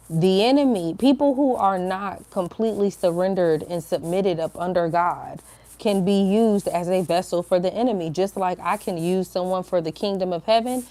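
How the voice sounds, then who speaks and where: A woman talks straight to her phone camera at home in a low, full voice, dry and close with no room sound. She tells her story in an animated, chatty way, stumbling over words and slipping into slang. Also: no echo. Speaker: faith vlogger. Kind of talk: casual spiritual vlog storytelling. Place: home, indoors.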